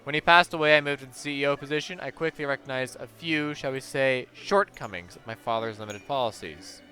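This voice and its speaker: A man's voice: medium pitch, fairly quick, pushed and bright, natural voice. A man voicing a pompous, self-satisfied factory owner in his sixties who hosts a gala, speaking in formal, flowery phrases. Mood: proud. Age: 60s. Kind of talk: reading game dialogue aloud.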